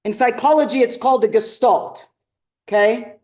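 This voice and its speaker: A woman's voice: on the high side, moderate pace, dark tone. A woman coach teaching a live seminar, emphatic and often asking her audience questions. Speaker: transformational coach.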